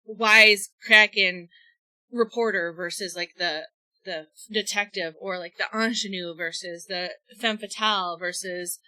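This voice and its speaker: A woman co-hosts a podcast and explains things in animated, casual chat. Her voice is bright and a little tense, at an ordinary pitch. The sound is dry and close. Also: unhurried, no echo, poor audio. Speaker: podcast co-host.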